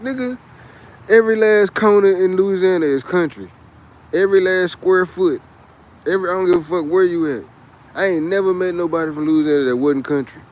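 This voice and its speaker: A man's voice: sits high, a little fast, a little mellow, muffled recording. A man with a Texas twang, chatting in a rambling, boisterous and profane way on a casual livestream. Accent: Texan. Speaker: livestream host.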